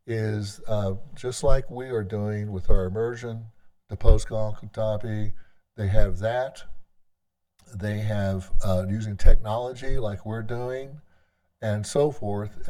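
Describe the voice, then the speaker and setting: A man with a low, mellow voice addresses a legislative session as a tribal government leader. His remarks are unscripted and conversational, halting often and circling back to restart his sentences.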